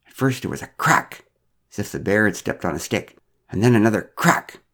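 Wry man, low and lively. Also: a little fast. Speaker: storyteller. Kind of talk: first-person storytelling.

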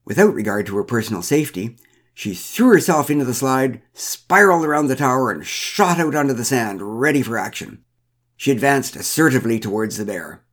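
Wry male storyteller with a lively voice. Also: mid-range voice, brisk. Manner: wry, dryly humorous. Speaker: narrator. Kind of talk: first-person story reading.

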